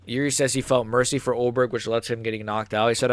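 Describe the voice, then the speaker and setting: A young man hosting a live fight reaction stream, ranting excitably and swearing, recorded close to the mic. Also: mid-range voice, fast talker, few pauses, dry recording. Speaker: MMA channel host.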